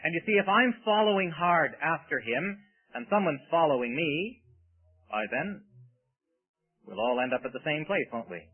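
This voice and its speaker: A man's voice: a little high, lively intonation, moderate pace, husky, phone-quality sound. A man preaching a sermon with emphasis, often asking his listeners rhetorical questions.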